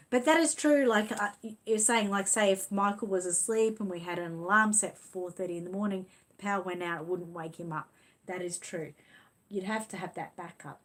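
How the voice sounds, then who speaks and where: A woman from Australia with an Australian accent, hosting a casual live stream and chatting as she reads out viewer comments. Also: fairly low pitch. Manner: chatty, reads comments aloud and reacts with small laughs. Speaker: channel host reading viewer comments.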